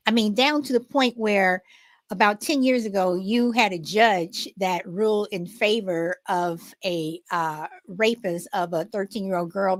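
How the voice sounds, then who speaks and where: A woman's voice: medium pitch, no echo. A woman hosting a casual live chat with viewers, greeting them by name, laughing often and restarting her sentences with many fillers. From Southern California. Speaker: livestream host.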